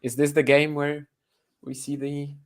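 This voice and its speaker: A man's voice: a little high, completely flat delivery, a little slow, smooth. A man co-hosting a live tennis watchalong podcast, joking and chatting casually. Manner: jokey, laughs at own jokes. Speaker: podcast co-host.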